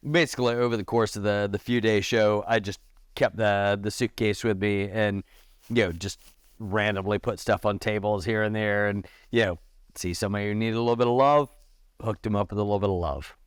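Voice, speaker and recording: Low, smooth-voiced man telling stories. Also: a little fast, dry recording, clean studio sound. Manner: animated, acts out quotes with a raised pitch. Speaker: podcast guest. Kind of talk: casual storytelling chat.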